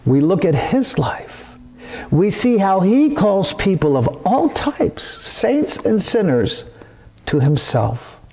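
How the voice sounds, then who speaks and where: A middle-aged male pastor delivers a sermon at an unhurried, measured pace. His voice sits at an ordinary pitch but moves expressively, lifting and dropping to stress his points. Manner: slow, deliberate preaching with animated inflection.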